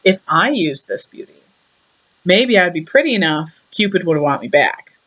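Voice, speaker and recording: A woman's voice: on the low side, big pitch swings, moderate pace, a bit bright, dull audio. A woman doing a naive, whiny young heroine.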